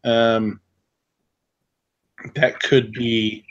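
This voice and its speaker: Male stream host, mid-pitched and laid-back, rambling delivery, muffled lo-fi sound. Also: little pitch movement, drawn-out words, a little hiss or hum. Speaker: livestream host reading chat. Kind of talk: casual chat. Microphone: online call setup, on a computer.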